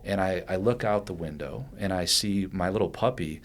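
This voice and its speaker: A man telling a personal story as a podcast guest, animated and rambling, with many restarts and fillers. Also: low voice, normal speed, slight background noise.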